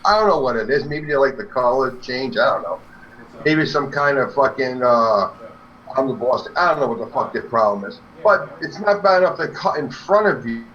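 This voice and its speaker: A man's voice: mid-range voice, lively intonation, normal speed. A man on a live-stream talk show, ranting heatedly and swearing constantly. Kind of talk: profane rant. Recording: dull lo-fi stream audio.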